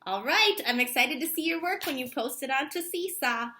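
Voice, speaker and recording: A woman teacher giving a distance-learning lesson to children, sounding out words slowly and clearly. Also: high-pitched, expressive, pushed and bright, a little hiss or hum. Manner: slow, clearly stretched-out word sounding.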